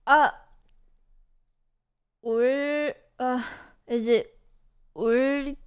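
Young woman streamer, high and smooth, gushing casual chat. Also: fairly even intonation, extremely slow. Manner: bubbly, gushing, many fillers and laughs. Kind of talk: casual chat reading messages.

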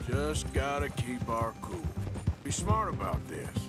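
An actor playing a steady outlaw gang member in a video game, talking with a calm, reassuring drawl. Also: male voice, medium pitch, unhurried. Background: loud game music.

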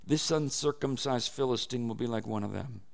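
A man's voice: medium pitch, normal speed, vocal fry, voice pushed down, lightly acted. A man reading the part of a bold young shepherd, earnest and emphatic.

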